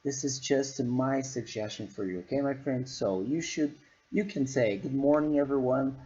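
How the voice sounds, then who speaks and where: A man's voice: medium pitch, normal speed, dark tone. A man gives an English lesson in a patient, repetitive way and checks in with the listener after each point. The sound is dull and lo-fi. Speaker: English teacher. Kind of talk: giving feedback on a recorded presentation.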